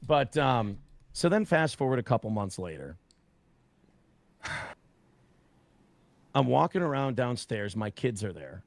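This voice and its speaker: Animated, gravelly-voiced man telling a story. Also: medium pitch, a little slow, long pauses, no echo. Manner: profane, animated retelling with voiced quotes. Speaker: interview guest. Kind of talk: storytelling in a casual interview.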